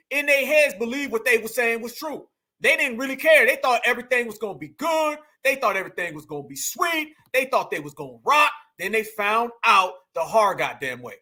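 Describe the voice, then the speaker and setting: A man hosting a livestream, delivering animated, profane ranting commentary straight to his audience. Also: extremely high pitch. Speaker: livestream host.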